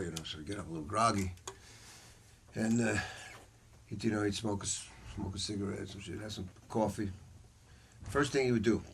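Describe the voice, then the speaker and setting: An older man holds a saxophone masterclass in a small hall, his voice sitting a little low. He tells stories casually and swears freely, playing the other people in them himself. A faint hiss and some clicks sit under the recording. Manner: animated, acts out quoted voices, laughs often. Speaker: saxophone teacher giving a masterclass. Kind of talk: casual, profane storytelling lecture. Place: music store hall with a small audience. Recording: faint background noise and clicks.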